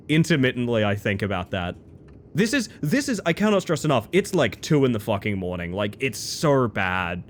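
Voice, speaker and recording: A man, chatting excitedly as he streams a game live. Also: mid-range voice, moderate pace, slight background noise. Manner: excitable, chatty, bursts into loud exclamations. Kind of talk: live gameplay commentary.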